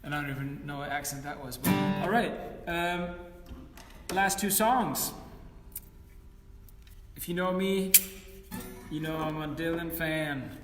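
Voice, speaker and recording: A man's voice: on the high side, a little slow, pauses often, reverberant, in a large hall, distant mic, music in the background. A man in his forties, a musician chatting between songs at an online concert, rambling and self-deprecating with many fillers. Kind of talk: casual chat between songs.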